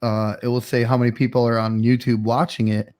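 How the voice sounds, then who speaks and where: A man's voice: mid-range voice, little pitch movement, a little fast, a little mellow. A man hosting a casual livestream chat, telling a story in a rambling, laid-back way with lots of fillers. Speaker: streamer host.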